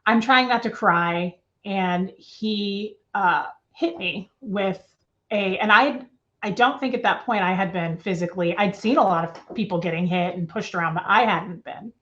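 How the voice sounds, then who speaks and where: A woman at home, telling an interviewer her story in a halting, emotional way, with restarts and nervous laughs. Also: mid-range voice, a bit bright, muffled recording. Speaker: interview guest. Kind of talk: personal testimony in a remote interview.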